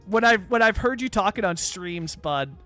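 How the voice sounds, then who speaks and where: A young Canadian man with a high, bright, forward voice talks through a live game stream. He rambles in a loose, chatty way, packing in fillers as he answers viewer chat. Soft music plays faintly underneath. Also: animated, normal speed. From British Columbia, Canada. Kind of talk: casual live-stream chat while playing a city-building game.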